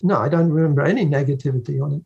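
A man recalling his record industry days in an interview. He speaks a touch higher than most men, in a chatty, amused way, often breaking into laughter as he tells his stories. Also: rapid-fire, creaky, a little mellow, husky, dull audio. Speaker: former record label managing director. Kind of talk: anecdotal interview storytelling.

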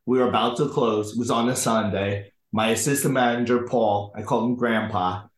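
A man's voice: medium pitch, normal speed. Man telling a story in a roomy room. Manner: animated storyteller acting out the people in his stories. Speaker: podcast guest. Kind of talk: casual conversational storytelling.

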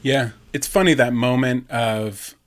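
A man's voice: mid-range voice, a little slow. Thoughtful man in podcast chat. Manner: thoughtful, reflective commentary. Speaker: podcast co-host. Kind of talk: casual chat.

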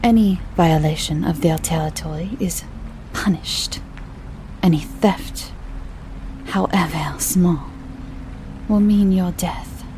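Woman doing a grim breton innkeeper guy, slow, hushes to a whisper, soft mellow voice. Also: mid-range voice, creaky, a little hiss or hum, rough recording. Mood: ominous whisper. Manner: slow, solemn, drops to a whisper. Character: grave middle-aged male Breton innkeeper.

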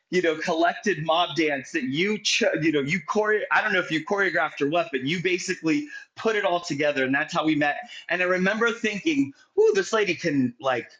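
High-voiced energetic livestream host. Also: male voice, poor audio. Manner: energetic, rallying viewers to share. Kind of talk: livestream interview.

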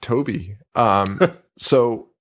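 A young man co-hosting a podcast in casual chat, animated and jokey, swearing freely and slipping into mock voices. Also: lowish voice, drawn-out words. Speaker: podcast co-host.

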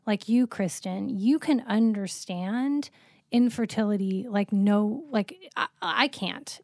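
A woman's voice: mid-range voice, slow pace, a little mellow, no echo, clean studio sound. A woman co-hosting a faith podcast, talking earnestly and quoting scripture with plenty of fillers. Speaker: podcast co-host. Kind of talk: faith-based podcast conversation.

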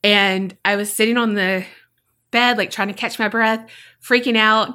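Woman, 30s, bright, podcast co-host, animated storytelling. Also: mid-range voice, measured pace. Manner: animated, acts out her own past remarks. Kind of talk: casual storytelling chat.

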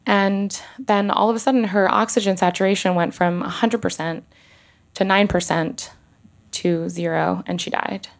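A woman doctor telling a personal story on stage, halting and emotional, with many restarts and pauses. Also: medium pitch, steady tone, vocal fry.

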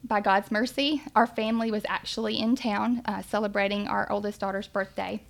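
A woman's voice: mid-range voice, steady tone, fairly quick, vocal fry. A woman, earnestly telling her family's faith testimony. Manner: earnest, emotional, faith-filled. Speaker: mother sharing a testimony. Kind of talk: personal testimony storytelling.

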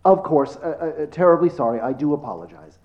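Abbott, a stammering, apologetic proprietor. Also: male voice, on the high side, expressive, quick pace, darkish tone, dull audio. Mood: fretful. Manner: stammering, fussy, over-apologetic. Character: nervous, apologetic male cafe proprietor.

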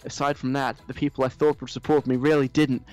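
Radio host putting on an entitled young woman influencer with an American accent, self-pitying and whiny, mid-pitched, over faint music. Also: little pitch movement, brisk, a little mellow, close to an everyday voice. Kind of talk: mock reading of a social post.

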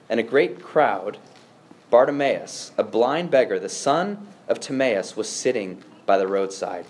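A man preaching a sermon as pastor, earnest, swinging between quiet hushed passages and raised, emphatic lines. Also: medium pitch. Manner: earnest preaching, dropping to a hush and rising with emphasis.

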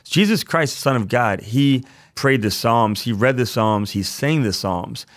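A man's voice: mid-range voice, expressive, unhurried, no room sound, studio quality. A man, a priest hosting a podcast, teaching casually in an earnest, enthusiastic way, often repeating himself.

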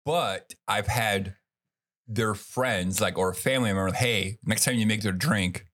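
A man's voice: on the low side, a little slow, a bit bright. A man hosting a podcast in casual chat, swearing freely with lots of fillers. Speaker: podcast host.

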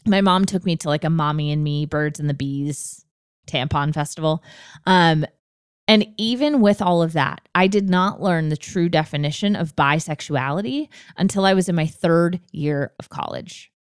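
Earnest woman podcast host, smooth voice. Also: low voice, normal speed, dry recording, clean studio sound. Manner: earnest and open, emotional at times. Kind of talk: personal storytelling monologue.

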